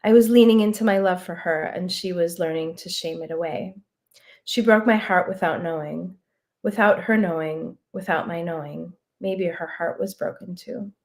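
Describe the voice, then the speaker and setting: Low-voiced woman reading her prose. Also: a little mellow. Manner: measured, reflective reading. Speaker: author. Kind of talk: reading a prose excerpt aloud.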